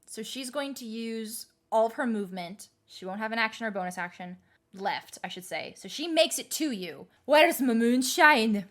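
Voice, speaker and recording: A woman narrating and running a tabletop role-playing game as game master, telling the story in an animated way. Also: fairly high pitch, moderate pace.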